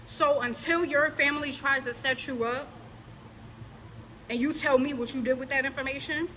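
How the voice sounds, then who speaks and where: A woman's voice: high voice, steady tone, normal speed, sharp tone, a little hiss or hum, low-quality recording. A woman vlogger delivering a scolding, confrontational rant straight to her viewers, mocking the people she addresses. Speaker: religious vlogger. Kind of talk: direct-to-camera rant.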